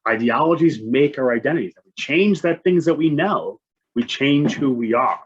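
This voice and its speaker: A man's voice: mid-range voice, lively intonation, moderate pace, breathy edge. A man in his thirties presenting a conference talk, speaking in a conversational way and often asking "right?". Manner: conversational, frequent "right?" tags. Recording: dull lo-fi sound.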